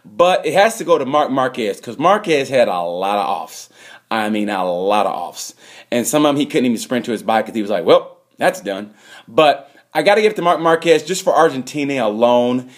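A man giving a rambling comedic awards monologue, excitable and prone to sudden loud bursts. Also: mid-range voice, fairly quick. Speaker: host.

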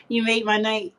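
A woman's voice: on the high side, fairly bright tone. A woman hosting a craft livestream, chatting casually and affectionately with viewers, reading their comments aloud and laughing often.

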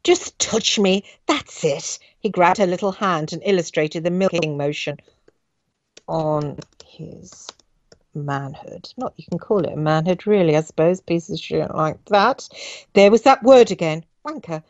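Brief: woman reading her memoir, low voice, wry asides, muffled lo-fi, very dry. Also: moderate pace. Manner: flat, wry asides between read passages. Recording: dull dry lo-fi audio.

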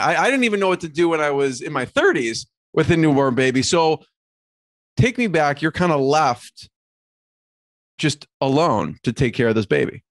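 A man hosting a podcast interview, asking questions in a relaxed conversational way. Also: on the high side, normal speed, no echo. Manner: relaxed, conversational, uses fillers. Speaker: podcast host.

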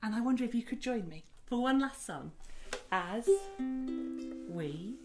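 A woman telling a story to toddlers, animated and sing-song, clapping and singing along. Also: fairly high pitch, quick pace, music in the background. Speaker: children's storyteller. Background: soft cello.

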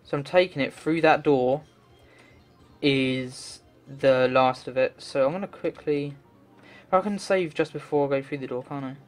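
A man's voice: mid-range voice, measured pace, faint music behind. A man doing game commentary, talking to himself and swearing in frustration as he plays. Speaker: let's play gamer.

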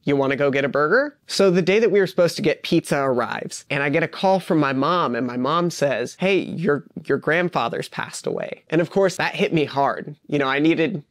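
A young male teacher with a slightly raised voice tells an animated, self-mocking story. The recording is dry and close, with no room echo. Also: fairly high pitch, moderate pace, few pauses. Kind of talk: casual anecdote.

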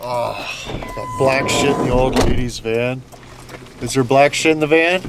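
A man hosting a vlog from inside a moving vehicle, crude and profane, keeping up a loud running commentary. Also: medium pitch, expressive, unhurried. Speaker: vlog host. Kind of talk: rowdy casual chat while driving. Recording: loud vehicle road noise. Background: engine and road noise.

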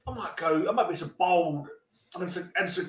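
A man's voice: fairly high pitch, moderate pace, far from the mic. A man with a Cockney accent, hosting a casual beer-tasting podcast, joking, rambling and swearing freely. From East End of London. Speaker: podcast co-host. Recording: roomy echo.

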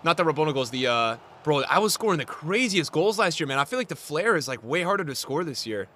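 An excitable young man streams a football game and talks to his chat the whole time. His voice is bright and sits a little high. It leaps from low muttering to loud cries. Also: fast. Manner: excitable, swings from mumbled asides to loud outbursts. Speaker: gaming streamer. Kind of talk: live gameplay commentary.

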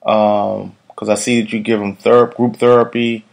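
A man's voice: fairly low pitch, little pitch movement, normal speed, creaky, a little mellow. A man hosting a podcast, asking laid-back, slangy questions in a casual interview. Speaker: podcast host.

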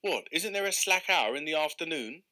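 A man voicing an excitable gentleman angler who exclaims and grows indignant. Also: on the high side, moderate pace, voice pushed up. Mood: exasperated.

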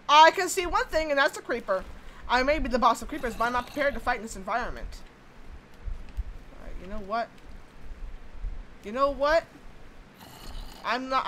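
A woman's voice: on the high side, a bit bright, a little hiss or hum, low-quality recording. A young woman chatting and exclaiming casually through her own game commentary, swearing now and then when annoyed. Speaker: gaming YouTuber. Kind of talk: casual let's-play commentary.

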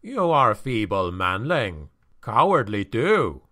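A man voicing a surly, gruff male dwarf warrior who talks bluntly and scornfully. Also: on the low side, very animated, takes it slowly, pushed and bright, exaggerated voice.

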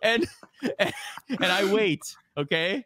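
A man guest on an interview podcast, telling anecdotes with animated, lively delivery and acting out voices. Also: high voice. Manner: lively, acts out voices in anecdotes, fast asides. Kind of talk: animated storytelling in casual chat.

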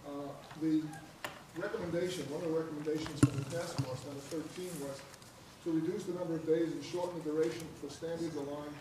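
A man's voice: on the high side, fairly even intonation, fast. Man asking questions from far in a hall. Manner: folksy, joking, long-winded questions with many ums. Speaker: state senator questioning a witness. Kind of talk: legislative hearing questioning. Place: legislative hearing room. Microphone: table microphone, at first switched off. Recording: echoey distant hearing-room audio with noise.

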